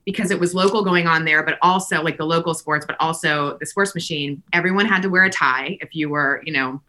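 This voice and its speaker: Animated woman telling stories, bright voice. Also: deep voice, brisk. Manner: animated, laughing, acts out quoted voices. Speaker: podcast guest. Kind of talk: casual conversational storytelling.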